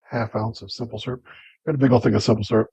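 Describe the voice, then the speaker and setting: A man's voice: fairly low pitch, steady tone, very fast, mellow, husky, no echo. Laid-back man mixing drinks on a stream. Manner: laid-back, wry, explains as he cooks. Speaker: cooking show co-host. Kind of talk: casual livestream cooking chat. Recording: dull lo-fi stream audio.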